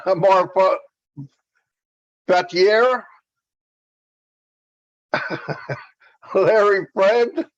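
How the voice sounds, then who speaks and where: A man's voice: high voice, very slow, long pauses. A man on a video call, co-hosting an online webinar, greeting viewers by name in easygoing casual chat. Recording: dull lo-fi audio.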